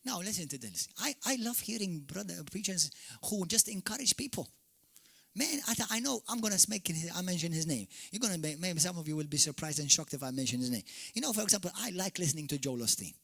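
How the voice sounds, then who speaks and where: A man from Malta preaching a fiery sermon as pastor, swinging from shouted peaks to sudden quiet drops. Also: high-pitched, expressive, fast talker, creaky. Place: church hall.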